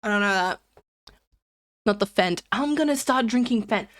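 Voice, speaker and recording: A woman's voice: mid-range voice, expressive, moderate pace, dry recording. A young woman streamer chatting casually with her chat, rambling and giggling between jokes.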